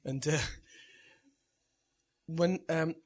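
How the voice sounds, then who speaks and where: A man in middle age preaches in a relaxed, chatty way, slipping into anecdotes and chuckling at his own stories. His voice sits a touch high and has a husky, slightly rough edge. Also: very slow. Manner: chatty storyteller, laughs at own story. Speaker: pastor. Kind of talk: sermon with personal anecdote.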